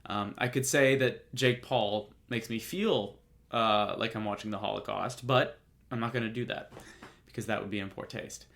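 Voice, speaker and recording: A man's voice: fairly low pitch, normal speed, vocal fry, fairly bright tone. A man hosting a podcast, talking casually and jokily, full of fillers and restarts. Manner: rambling, jokey, many fillers and restarts. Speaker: podcast host. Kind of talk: casual solo commentary.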